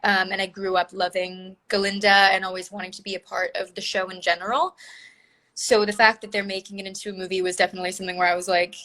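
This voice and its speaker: A young woman speaks over a phone video call as a guest. Her voice is bright and clear, and she talks in loose, rambling sentences full of filler words. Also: mid-range voice, flat delivery, fast, poor audio. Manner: chatty, lots of filler words. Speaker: interview guest. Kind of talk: casual video-call interview.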